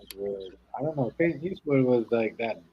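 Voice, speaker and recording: A man in casual chat with friends, animated and prone to repeating his words. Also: medium pitch, normal speed, husky, muffled recording. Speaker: co-host.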